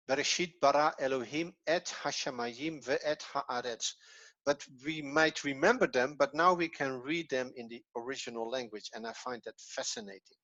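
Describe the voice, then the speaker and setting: A man's voice: medium pitch, bright, forceful tone, no echo. A man leading a screen-share lesson, enthusiastic and loose, thinking aloud as he moves between materials. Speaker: course teacher. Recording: dry lo-fi audio.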